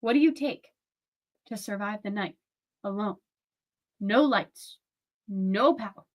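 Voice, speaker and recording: A woman's voice: medium pitch, slow. A young woman co-hosting a casual chat, playful and often giggling. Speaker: co-host.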